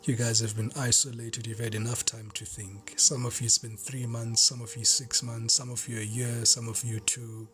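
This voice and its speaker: A man giving a collective tarot reading, fervent and repetitive, often dropping into hushed whispers. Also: medium pitch, flat delivery, moderate pace, few pauses. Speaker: tarot reader.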